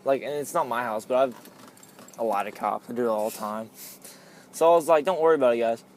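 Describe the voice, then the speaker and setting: A man's voice: medium pitch, fast talker, darkish tone, slight background noise. A young man telling a story among friends in a casual chat, rambling with lots of "like" and laughing often.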